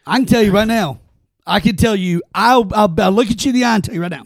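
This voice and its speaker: A man's voice: high-pitched, fast talker, vocal fry, no room sound, studio quality. A man co-hosting a podcast in casual sports chat, blunt and emphatic. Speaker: podcast co-host.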